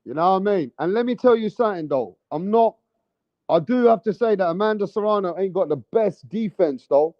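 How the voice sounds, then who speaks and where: A man's voice: sits high, animated, brisk, no echo, dull audio. A man giving casual vlog commentary on boxing, with a brash, profane, heated ranting manner.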